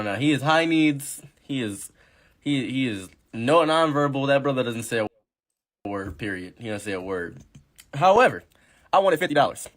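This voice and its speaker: A young man telling a rambling story, fast and excitable, with loud yelled bits. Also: medium pitch, dry recording. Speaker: storyteller in a played clip. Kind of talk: rambling anecdote.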